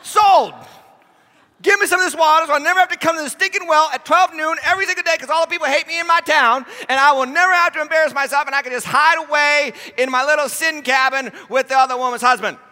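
A man's voice: sits high, animated, brisk, bright, forceful tone, long reverb tail. A man voicing a defensive Samaritan woman in a retold sermon story, rambling and deflecting with stammers. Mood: eager. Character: flustered, defensive Samaritan woman, evasive and quick.

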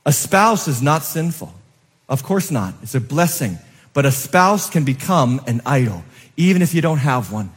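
A male pastor preaching a sermon to his congregation, rising to loud emphatic peaks and dropping to soft, low asides, often asking the room questions. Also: big pitch swings, moderate pace, breathy edge. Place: church sanctuary. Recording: long hall reverb.

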